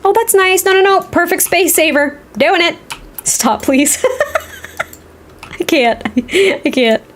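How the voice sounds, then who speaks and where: A woman's voice: very high-pitched, lively intonation, unhurried, a little hiss or hum. A woman in her thirties chatting casually on a gameplay stream, rambling and laughing often. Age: 30s. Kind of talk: casual livestream chat while playing.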